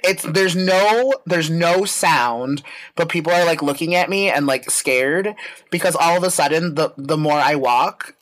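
A woman's voice: low voice, a little slow. A woman co-hosting a podcast, chatting casually and rambling through a story with lots of fillers and laughter. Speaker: podcast co-host. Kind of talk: casual chat.

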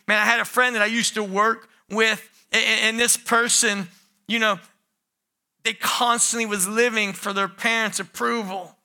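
A man preaches a sermon and calls out to the congregation again and again. His voice sits high and rings with a very bright edge. He breaks into acted pleas as he makes his points. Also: flat delivery, normal speed, smooth. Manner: emphatic preaching, often addresses the congregation as "church", acts out quoted pleas. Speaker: pastor.

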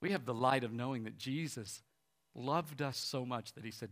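A man preaching, retelling an anecdote with quoted dialogue and ending with a quiet, soft appeal. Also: medium pitch, normal speed. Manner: retells a story with lively quoted voices, quiet and soft at the close. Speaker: pastor. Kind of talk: sermon storytelling.

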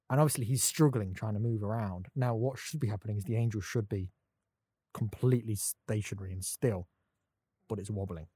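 A man in casual chat, ranting with lively energy and slipping into mocking voices. His pitch sits mid-range and the sound is close and dry, with no room around it. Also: dry recording. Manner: animated ranting, acts out quoted voices. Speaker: podcast co-host.

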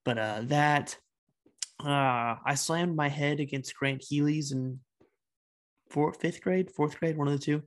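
A man's voice: a little high, measured pace. A man co-hosting a casual podcast, recounting things in a rambling, hesitant way. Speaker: podcast co-host. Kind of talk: casual chat.

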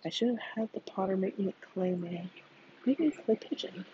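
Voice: mid-range voice, fairly quick, noisy background, natural voice. A narrator voicing a bitter, jealous young wife who mocks in a singsong way, in a dull lo-fi recording. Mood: mocking.

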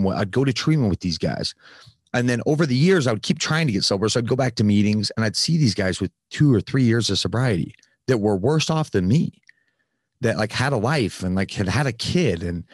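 A man's voice: lowish voice, breathy edge, no echo, studio quality. A man telling a candid personal story in casual conversation, with frequent fillers and some swearing. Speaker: podcast host, guest telling his recovery story.

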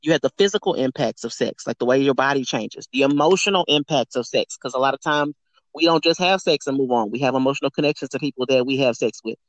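A woman's voice: a bass voice, quick pace, dry recording, poor audio. A woman talking frankly as a guest on a podcast, emphatic and acting out quoted speech, swearing casually. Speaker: guest, sex educator. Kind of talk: candid podcast conversation.

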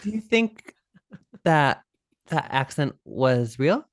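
A woman with an unusually low voice talks through a film with her co-host, full of laughs and playful impressions. Her pitch bounces around freely. The recording is dry and close, with no room sound. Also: slow pace, no echo. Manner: animated, laughing, acts out quotes from the film. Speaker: podcast co-host. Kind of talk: casual chat reviewing a movie.

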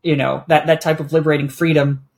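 A podcast guest who talks reflectively in a casual conversation and often pauses to find words. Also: medium pitch, level tone, vocal fry.

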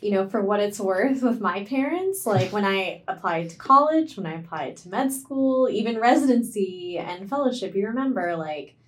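A woman's voice: mid-range voice, lively intonation, normal speed, few pauses. A woman, a physician co-hosting a podcast, giving frank advice in a casual conversational tone, full of "like" and "you know.". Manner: frank, advisory, frequent fillers like "like" and "you know".

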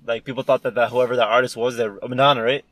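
A man's voice: medium pitch, level tone, fast talker, a bit bright, no echo. A young man chatting casually with friends, rambling through anecdotes. He laughs often, swears freely and acts out other people's lines as he tells a story. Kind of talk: casual chat.

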